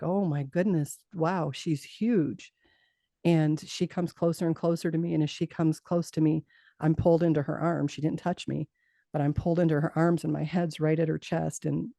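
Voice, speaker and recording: A middle-aged woman telling a personal story in an interview, lively and acting out what others said, with frequent laughs. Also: deep voice, vocal fry, no echo. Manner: animated storytelling, acts out quoted voices, laughs often. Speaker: guest.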